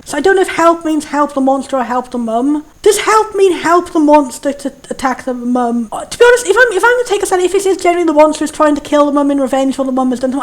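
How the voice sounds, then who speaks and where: A young woman commenting on a game as she plays, talking in halting bursts with lots of stammered restarts. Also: high voice, lively intonation. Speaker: game reviewer. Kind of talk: let's-play game commentary.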